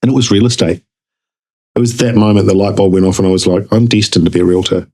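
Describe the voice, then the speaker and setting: Lively New Zealand man telling a story. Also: quick pace, background noise. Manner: animated, jumps up in pitch acting out dialogue. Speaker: guest. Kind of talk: casual storytelling.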